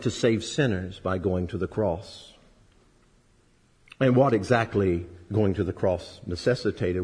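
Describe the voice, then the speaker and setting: A man preaching a sermon, emphatic, rising loud and high then dropping low and soft, asking rhetorical questions. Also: husky. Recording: long reverb of a hall.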